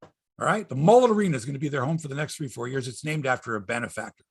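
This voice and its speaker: A man's voice: mid-range voice, lively intonation, fast talker, vocal fry, slightly rough. A middle-aged Canadian man hosting a sports podcast, chatting casually in a rambling, profane, wry way. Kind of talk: casual chat.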